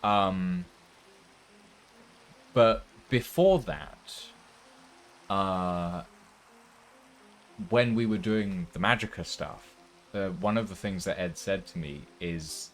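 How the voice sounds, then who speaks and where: A man's voice: sits low, slow, pauses often, faint music behind. A man streaming, chatting casually with many fillers and restarts. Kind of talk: casual chat.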